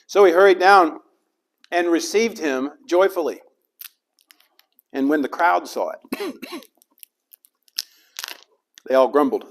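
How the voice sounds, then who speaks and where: A middle-aged man preaches a sermon as a pastor, with a voice that sits a bit high for a man. He delivers it dramatically and slips into the voices of the people in the story. His delivery rises and falls as he tells the story. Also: very animated, slow pace, long pauses. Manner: dramatic, acts out the crowd's and Jesus' lines.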